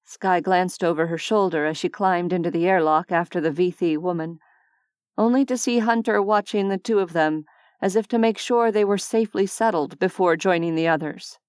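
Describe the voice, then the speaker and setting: A woman narrating a sci-fi romance audiobook in a measured, even storytelling manner, on a close studio mic. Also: fairly low pitch, clean tone, no room sound.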